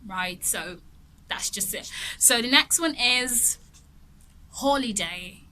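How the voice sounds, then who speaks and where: A woman's voice: a little high, lively intonation, slow pace, sharp tone, poor audio. A woman teaching English vocabulary in a chatty, casual way, often laughing and correcting herself as she goes. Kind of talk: casual explanatory lesson.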